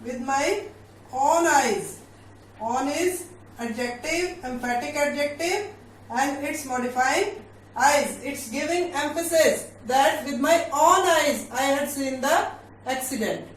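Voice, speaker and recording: A woman teaching grammar, speaking deliberately, repeating key points and often checking with "all right?". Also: high-pitched. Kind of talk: grammar lesson. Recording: echoey room from a distance, faint ambient noise.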